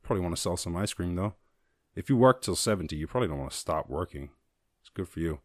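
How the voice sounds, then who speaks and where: A man hosting his own show, talking loosely and profanely in a jokey solo monologue and slipping into quick silly voices. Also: low-pitched, expressive, a little mellow, no echo, clean studio sound. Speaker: podcast host. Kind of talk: casual comedic monologue.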